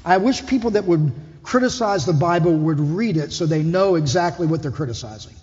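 Preaching conversationally in a dull, echoey church hall, a lead pastor asks the congregation questions. His voice is fairly high, expressive, brisk, and a little mellow.

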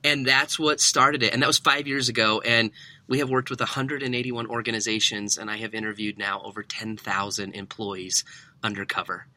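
A man in his thirties, a podcast guest who tells lively stories and acts out the dialogue in them. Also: fairly low pitch, fairly quick. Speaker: podcast guest, workplace researcher. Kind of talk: animated storytelling interview.

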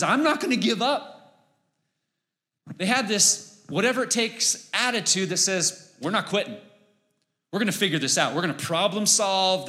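A man preaching a sermon, conversational and energetic, often asking the audience questions. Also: medium pitch. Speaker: pastor.

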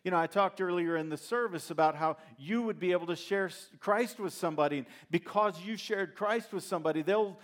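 High-voiced male pastor telling a story. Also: fairly quick, few pauses. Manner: animated storytelling with humorous asides; addresses congregation directly. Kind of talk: sermon.

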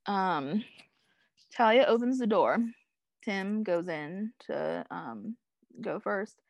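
A woman's voice: mid-range voice, lively intonation, slow pace, vocal fry, no echo. A young woman in casual chat, recapping a TV episode, rambling with lots of "like" and "um" and frequent laughs. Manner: rambling, heavy use of "like" and "um", laughs often. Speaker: podcast co-host recapping a TV episode.

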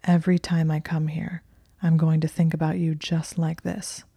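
A woman whispering as a husky dominant young man. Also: flat delivery, moderate pace, mellow, no echo, clean studio sound. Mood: husky, commanding. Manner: low, husky murmur. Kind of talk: whispered role-play.

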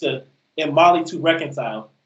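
A man's voice: on the high side, brisk. Thoughtful male co-host, off-mic in an echoey room. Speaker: podcast co-host. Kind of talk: casual group chat about a TV episode. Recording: roomy, distant, dull lo-fi mic.

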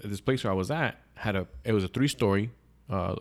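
A man's voice: on the low side, fast talker. A man telling a personal story as a podcast guest, casual and profane, with lots of restarts. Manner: profane, rambling, with frequent restarts.

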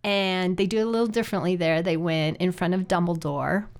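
A woman's voice: on the low side, fairly quick. A woman hosting a podcast and running a law firm, chatty and upbeat, often laughing. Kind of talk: casual chat.

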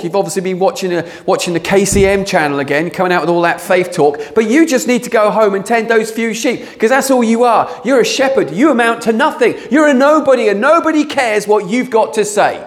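A man's voice: sits high, big-room sound, voice pushed up. A man preaching while voicing a scornful older brother who mocks and dismisses his young sibling in a raised, sneering voice. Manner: mocking, dismissive.

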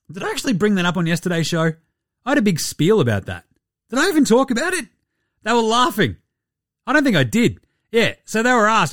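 A man's voice: a little high, a bit bright, no echo, studio quality. An Australian man hosting a podcast, giving casual, sweary, mocking banter. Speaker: podcast host. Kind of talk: casual sports commentary.

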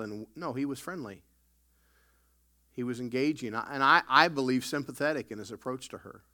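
A man pastor preaching a sermon, emphatic with sudden loud bursts and folksy storytelling asides. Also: mid-range voice, normal speed.

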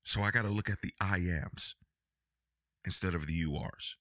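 A man's voice: deep voice, moderate pace, a bit bright, no room sound, studio quality. A man hosting a relationship advice podcast, talking emphatically and repeating phrases to drive his points home. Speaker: podcast host.

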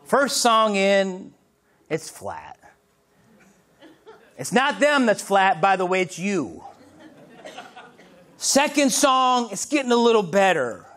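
A middle-aged man preaching a sermon as pastor, swinging from loud, animated bursts to hushed, near-whispered moments. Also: high-pitched, slow, pauses often.

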